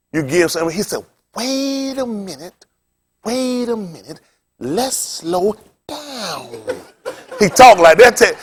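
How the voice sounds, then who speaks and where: A male pastor preaching in a storytelling style, acting out the voices of people in his stories and laughing often. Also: a little high. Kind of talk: sermon with storytelling.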